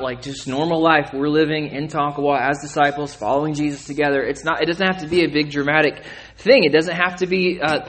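A man preaching a sermon in a conversational way, often asking "okay?" and "right?", repeating and restarting words, and rising in pitch and volume when he gets emphatic. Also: fairly bright tone. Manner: conversational, asks listeners to check in with "okay?" and "right?". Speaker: pastor.

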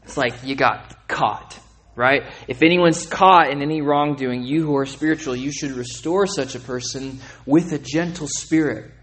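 A man preaching a sermon in a conversational way, often asking "okay?" and "right?", repeating and restarting words, and rising in pitch and volume when he gets emphatic. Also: normal speed, few pauses, a bit bright. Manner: conversational, asks listeners to check in with "okay?" and "right?". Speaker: pastor.

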